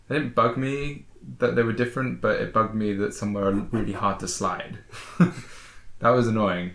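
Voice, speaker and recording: Low-voiced man chatting in an echoey room. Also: a bit bright. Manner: hesitant, rambling, many fillers and restarts. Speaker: board game channel host. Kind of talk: casual review chat.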